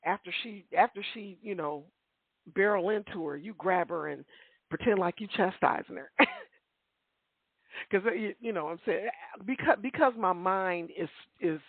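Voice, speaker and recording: A woman telling a long personal story on a call-in radio show, animated and rambling, with frequent rhetorical asides to the listener. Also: medium pitch, moderate pace, slightly rough, no echo. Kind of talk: casual storytelling. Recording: tinny dry phone line.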